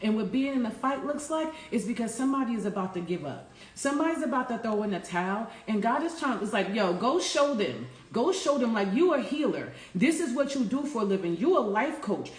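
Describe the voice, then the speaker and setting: A woman's voice: high voice, darkish tone, roomy sound. A woman life coach giving an earnest, preachy morning talk and calling her listeners y'all. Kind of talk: casual inspirational morning talk.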